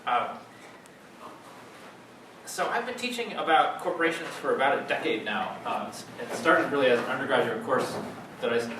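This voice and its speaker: Male guest lecturer, halting academic delivery, distant mic in a reverberant hall with noise. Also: mid-range voice, animated. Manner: halting, many fillers and restarts.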